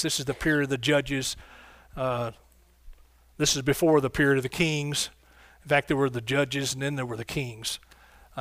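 A man's voice: medium pitch, vocal fry, a bit bright, no room sound. Fervent preacher man, dry sound. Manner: fervent, call-and-response preaching with exclamations. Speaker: pastor. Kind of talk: sermon. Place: church sanctuary.

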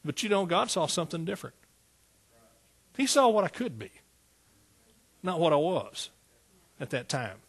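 A pastor preaches a sermon, moving between plain storytelling and bursts of exclamation. His voice is husky and sits somewhat high for a man. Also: expressive, normal speed, long pauses, fairly bright tone.

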